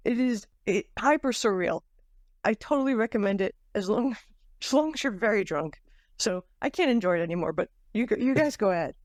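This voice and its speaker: A woman's voice: medium pitch, expressive, brisk, no room sound, studio quality. A woman co-hosting a podcast, chatting casually about a book with fillers and restarts. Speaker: podcast co-host. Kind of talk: casual book club chat.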